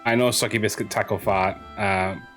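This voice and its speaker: A woman's voice: very deep voice, steady tone, normal speed, faint music behind. A woman co-hosting a game playthrough in casual chat, joking, laughing and swearing. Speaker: co-host playing a game. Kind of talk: casual let's-play chat.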